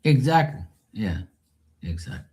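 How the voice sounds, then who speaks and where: A man's voice: medium pitch, very animated, a little slow, a little mellow. A man hosting a live tarot stream, chatting casually with viewers in a blunt, profane, rambling way. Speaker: tarot reader and livestream host. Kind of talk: casual livestream chat with viewers.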